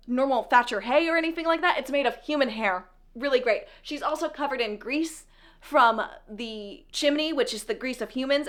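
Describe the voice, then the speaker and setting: A woman's voice: a little high, a bit bright. A woman recapping a book for a video in a chatty, unscripted way, dropping sarcastic asides. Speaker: book vlogger.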